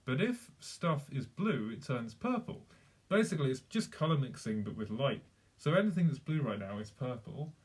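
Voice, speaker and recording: A man's voice: mid-range voice, sing-song, normal speed, slightly rough. Rambling young male streamer. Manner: rambling, with many fillers and restarts. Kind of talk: casual live-stream chat.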